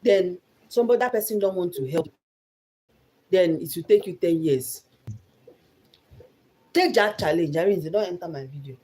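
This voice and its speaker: A woman's voice: lowish voice, normal speed, long pauses, mellow, breathy edge. A young Nigerian woman giving an earnest motivational talk about her life, repeating phrases for emphasis. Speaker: vlogger.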